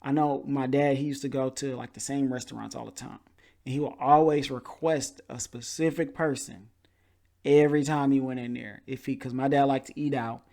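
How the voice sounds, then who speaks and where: A man hosts a podcast, telling a story in a casual, animated way and acting out the people he quotes. His voice sits at a medium pitch with some vocal fry, and he talks at a moderate pace.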